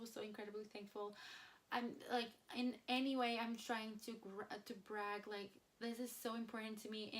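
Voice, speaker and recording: A young woman vlogger telling a story in an excited, emotional way, full of "like" fillers. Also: mid-range voice. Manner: gushing, emotional, fast filler-heavy "like". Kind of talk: excited casual vlog storytelling.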